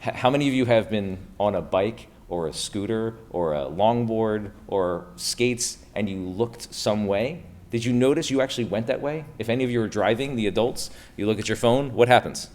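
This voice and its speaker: Man, keynote speaker, from Pennsylvania, deepish voice, breezy and upbeat, rhetorical questions, live conference room. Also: normal speed, few pauses, a little mellow. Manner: casual, upbeat, fires rhetorical questions at the audience.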